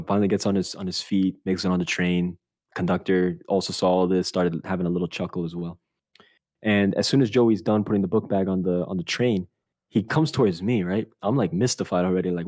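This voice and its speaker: A young man hosting a podcast, telling an animated story in casual chat, swearing often and laughing as he talks. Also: low voice. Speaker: podcast host.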